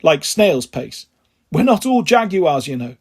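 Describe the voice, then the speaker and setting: A man voicing a kindly middle-aged male PE teacher who speaks gently and encouragingly, with a husky voice. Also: fairly high pitch, sing-song, a little slow, exaggerated voice.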